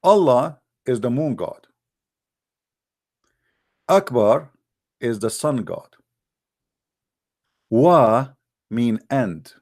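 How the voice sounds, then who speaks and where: A man with a middle-pitched voice gives a heated online talk, repeatedly pressing his listeners with rhetorical questions. He calls the audience guys, speaks with non-native grammar, and often restarts his sentences. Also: expressive, extremely slow, long pauses, a little mellow. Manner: addresses the audience directly as guys. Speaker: religious debate speaker.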